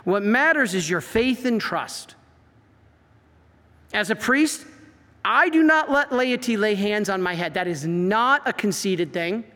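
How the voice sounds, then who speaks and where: A man, a priest giving an animated talk full of stories and acted-out quotes. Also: sits high, a little slow. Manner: animated storyteller, acts out quotes. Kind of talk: preaching talk. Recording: reverberant hall.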